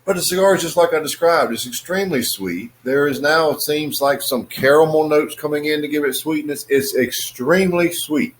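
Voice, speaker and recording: A man casually reviewing a cigar on his video channel, in a relaxed, musing way with many fillers. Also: fairly high pitch, normal speed, hardly any pauses.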